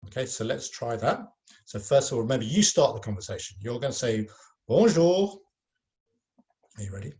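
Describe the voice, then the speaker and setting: A man's voice: mid-range voice, fast talker, darkish tone. A man teaching a recorded lesson to children in an informal, encouraging way, with frequent ums and uhs.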